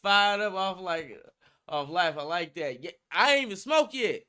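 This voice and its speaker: Young male streamer, high and bright, excitable, profane casual banter. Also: moderate pace, clear, resonant tone. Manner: hyped, slangy, profane, laughing often. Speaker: livestream host. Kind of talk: casual livestream chat.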